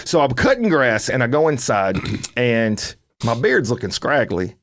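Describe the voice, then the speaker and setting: A man's voice: mid-range voice, very animated, a little slow, a bit bright, a little hiss or hum. A middle-aged man, hosting a casual podcast chat and telling a story with lots of energy, acting out his own lines. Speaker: podcast host and coach.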